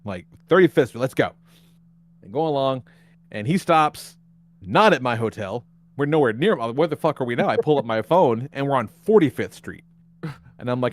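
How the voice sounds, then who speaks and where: A man with a slightly high, very lively voice tells a story on a podcast. He jumps into different voices for quotes and laughs between lines, in a loose, casual way. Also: a little fast. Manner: animated, acts out quotes with big pitch jumps, laughs often. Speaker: podcast host.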